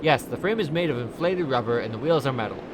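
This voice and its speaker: A man's voice: mid-range voice, lively intonation, quick pace, background noise, natural voice. A man doing a chipper, rambling woman tourist officer. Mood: flustered. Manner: rambling, overly formal. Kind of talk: reading game dialogue aloud.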